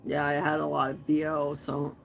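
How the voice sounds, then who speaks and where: A woman voicing a crude, oblivious woman who sells clothes on a live stream, with a slow, offhand, rambling delivery. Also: low voice, monotone, vocal fry, slight background noise.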